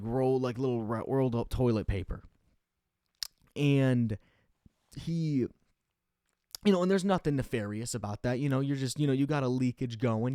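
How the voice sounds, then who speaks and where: A man's voice: medium pitch, no room sound. Rambling, profane storytelling man, dry sound. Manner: rambling, profane, animated storytelling with many fillers. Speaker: comedian telling a story. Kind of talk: casual storytelling monologue.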